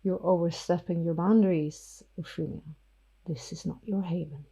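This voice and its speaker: A woman's voice: on the low side, fairly even intonation, moderate pace, vocal fry, warm tone, slightly rough. A woman playing a cold, defiant male vampire. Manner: cold and firm.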